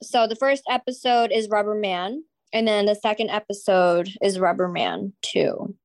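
A woman's voice: mid-range voice, animated, moderate pace, no room sound. A young woman co-hosting a podcast, blunt and teasing in casual chat. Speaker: podcast co-host.

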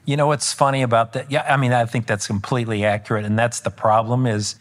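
A man's voice: mid-range voice, fast. Rambling male political commentator. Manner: rambling with frequent restarts and self-corrections; animated when recounting exchanges. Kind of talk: conversational podcast interview.

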